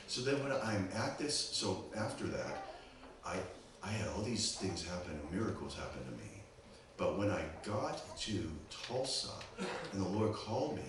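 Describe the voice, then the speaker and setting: A man from Pittsburgh with a Pittsburgh accent, a guest preacher telling a story in a sermon and checking in with the congregation often. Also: lowish voice. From Pittsburgh, USA. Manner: animated, keeps checking in with the audience. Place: church sanctuary. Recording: very echoey church, distant mic, background noise.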